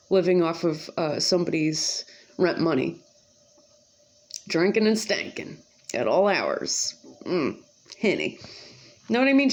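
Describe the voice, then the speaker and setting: A woman's voice: lowish voice, a little mellow. A woman rambling casually to camera in a vlog. She talks in a slangy, profane way with lots of asides. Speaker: vlogger. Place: home kitchen.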